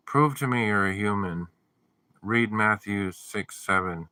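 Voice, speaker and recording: Deep, slow-talking man streaming live. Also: sharp tone, dry recording. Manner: playful, jokey, reads viewer messages aloud. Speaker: livestreamer reading chat. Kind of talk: casual live-stream chat.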